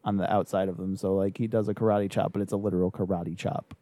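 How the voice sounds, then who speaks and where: A man's voice: deep voice, little pitch movement, quick pace, warm tone. A man hosting a podcast, easygoing in a casual brainstorming chat, laughing often and asking his guest questions. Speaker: podcast host.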